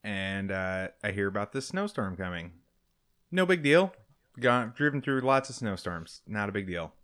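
Smooth-voiced man swearing through a story. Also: on the low side, moderate pace, fairly bright tone. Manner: loose, profane anecdote-telling. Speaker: co-host. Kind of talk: casual storytelling chat.

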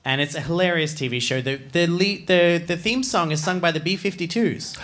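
A man's voice: on the high side, fairly quick, a bit bright. Australian guy, casual co-host, rambling self-deprecating anecdotes. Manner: rambling, self-deprecating storytelling with many restarts. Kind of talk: casual chat.

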